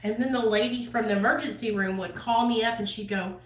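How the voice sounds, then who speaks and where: A woman's voice: on the high side, steady tone, a little fast, a little hiss or hum. Blunt, foul-mouthed woman telling her story. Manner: blunt, heavy swearing, lots of fillers. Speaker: channel host sharing her recovery story. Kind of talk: casual storytelling to camera. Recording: echoey room, voice a bit far from mic.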